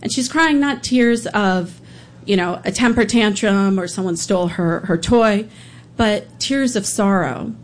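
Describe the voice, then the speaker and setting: Earnest woman telling a personal story. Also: mid-range voice. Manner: earnest, halting, emotional retelling. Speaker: public defender.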